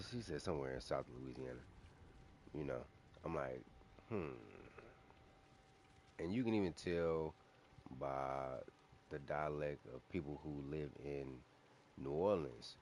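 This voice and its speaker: A man's voice: very deep voice, darkish tone, slight background noise. A man talking casually on his own channel, rambling with restarts and self-corrections as he goes. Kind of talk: casual solo commentary.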